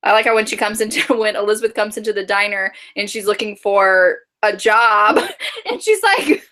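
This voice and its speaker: A woman's voice: medium pitch, little pitch movement, brisk, sharp tone. A woman co-hosting a casual book club chat. She is chatty, giggles often and fills her speech with "like" and "you know".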